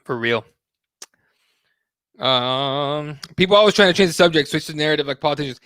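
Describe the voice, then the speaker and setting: A man hosting a live online talk show rambles through a casual, swearing-laden rant. His voice sits a little high for a man, and the sound is dry and close, with no room in it. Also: moderate pace, fairly bright tone, dry recording. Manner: profane, rambling, heated. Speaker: host.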